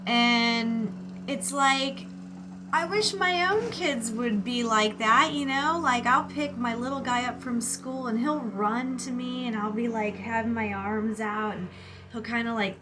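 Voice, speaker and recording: Slow-talking woman venting, lots of "like". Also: on the high side, background noise. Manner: rambling, lots of "like", exasperated venting. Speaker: mother venting about her kids. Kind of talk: casual monologue. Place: outdoors near a lawnmower.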